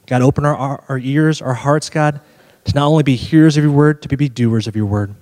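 A man leading a short spoken prayer before a sermon, soft and halting with small restarts. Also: medium pitch, steady tone. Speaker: church member leading prayer. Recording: church hall reverb.

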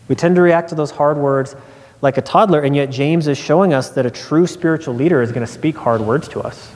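Man preaching in a reverberant church. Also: normal speed. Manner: storytelling, acts out quoted voices, drops to low emphatic tones. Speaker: pastor. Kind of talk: sermon. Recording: long hall reverb.

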